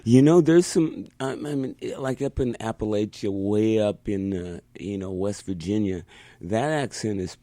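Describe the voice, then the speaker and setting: A man's voice: fairly low pitch, measured pace, dry recording. An older man from Chicago, a guest musician, talking casually in an interview and telling stories with put-on voices and laughs. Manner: animated storyteller, slips into voices and laughs.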